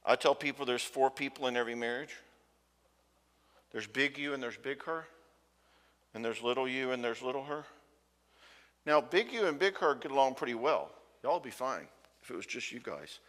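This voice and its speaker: Man, folksy joking conference talk, bright tense voice, long hall reverb. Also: mid-range voice, expressive, moderate pace, long pauses. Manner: folksy, joking, acts out spouses' lines. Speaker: conference speaker. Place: church hall.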